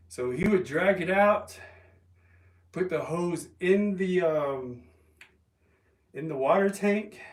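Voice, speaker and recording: Man, casual livestream chatter, rambly with restarts, slightly high voice, roomy and off-mic. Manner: rambling, halting with ums and restarts. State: resting an injured calf. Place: home, lifting weights while streaming. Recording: roomy, from a distance.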